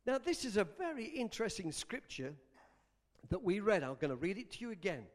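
A man's voice: high-pitched, animated, a little fast. A male pastor preaching a sermon in an emphatic style, repeating lines for stress.

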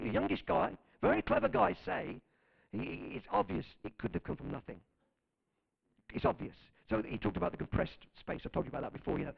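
A man's voice: high voice, creaky, muffled recording. A man preaching a sermon as pastor, fervent and emphatic, calling out to his congregation.

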